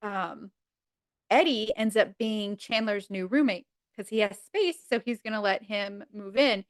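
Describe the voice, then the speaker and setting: A woman guest on a podcast, chatting casually and retelling sitcom episodes in an animated way, acting out the characters' lines. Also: mid-range voice, unhurried, dry recording, clean studio sound. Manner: animated storyteller who acts out characters' lines.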